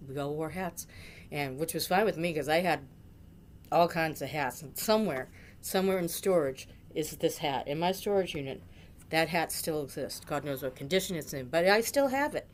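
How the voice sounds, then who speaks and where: A woman's voice: deep voice, expressive, normal speed, a little hiss or hum. A middle-aged woman from Massachusetts telling a funny memory about a friend, with dramatic, jokey exaggeration. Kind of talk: storytelling tribute.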